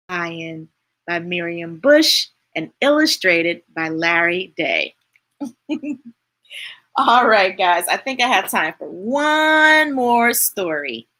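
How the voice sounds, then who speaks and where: Woman storytime reader, very slow and lively, high bright voice, playful questions to kids. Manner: playful and expressive, asks listeners questions. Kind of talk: reading picture books aloud to children.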